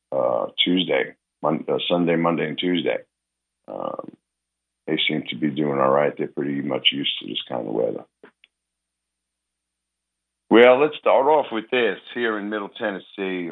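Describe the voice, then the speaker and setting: A man hosting a radio show, hoarse as his voice recovers from illness, talking in a rambling, halting way with many fillers. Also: a bass voice. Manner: rambling, halting, full of uh and restarts. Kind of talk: casual talk radio monologue. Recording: phone-like narrow band.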